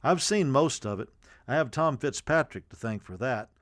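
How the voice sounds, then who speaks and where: A man's voice: mid-range voice, expressive, moderate pace, no room sound, clean studio sound, natural voice. Man reading as a merry frontier trapper. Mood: proud. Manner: genial, amused storytelling tone. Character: friendly adult male fur trapper, merry.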